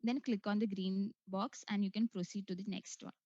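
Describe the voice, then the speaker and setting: A woman's voice: mid-range voice, fairly even intonation, normal speed, a little mellow, no echo, muffled recording. A woman explaining an online test step by step, with frequent "uh" and "so" as she goes. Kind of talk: screen walkthrough tutorial.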